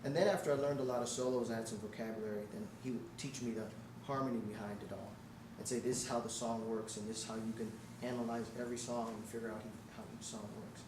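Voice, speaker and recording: A man's voice: mid-range voice, fast, few pauses. A man, a guest musician, telling stories at a live audience Q&A in a music shop, scatting melodies and acting out what people said. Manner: animated storyteller who scats melodies and acts out quotes. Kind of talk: storytelling at a live Q&A. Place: indoor music shop event space. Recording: roomy, distant, noisy live room.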